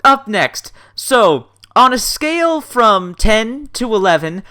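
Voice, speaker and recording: A man's voice: high-pitched, sing-song, takes it slowly, sharp tone. A man hosting an interview, playful, joking and enthusiastic. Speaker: interview host. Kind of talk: casual interview chat.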